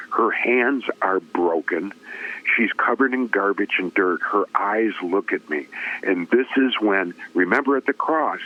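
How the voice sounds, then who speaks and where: A man, a former radio personality, telling an emotional personal story as an interview guest, acting out the voices of the people in it. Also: fairly low pitch. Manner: dramatic storyteller who acts out quoted voices; emotional, voice rising with feeling. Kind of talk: personal testimony in conversation. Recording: tinny phone-line sound.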